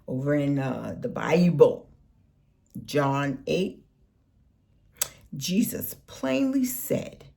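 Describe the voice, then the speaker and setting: Slow, animated woman ranting at politicians. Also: gravelly. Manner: scolding, preachy, lively pitch swings. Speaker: political commentary vlogger. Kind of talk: impassioned political rant.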